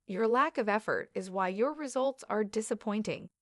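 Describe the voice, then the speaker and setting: Woman doing a harsh demanding mom, sharp scolding tone, dry sound. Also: mid-range voice, lively intonation, normal speed, no room sound, lightly acted.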